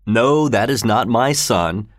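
A man's voice: mid-range voice, expressive, slow pace, no room sound, clean studio sound. A man voicing a cruel, scheming middle-aged landowner in a read-aloud story, with a cold, mocking manner.

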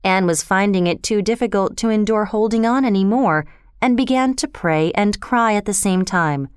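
A woman narrating a storybook in a calm, measured reading voice. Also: medium pitch, smooth, dry recording, studio quality.

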